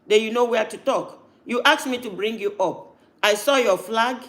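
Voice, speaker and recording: A man with a strikingly high voice hosts a heated live-stream talk. He talks insistently and breaks in on others with strings of repeated no's. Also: normal speed, a bit bright.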